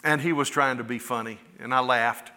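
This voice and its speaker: A man's voice: medium pitch, steady tone, moderate pace, sharp tone. A middle-aged man from West Florida, preaching a sermon, often rising to emphatic, impassioned cries. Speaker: pastor. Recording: long hall reverb.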